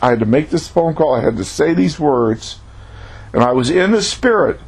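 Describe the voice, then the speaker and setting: Husky-voiced man preaching a testimony. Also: on the high side, a little mellow. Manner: earnest, reflective storytelling. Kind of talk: personal testimony sermon.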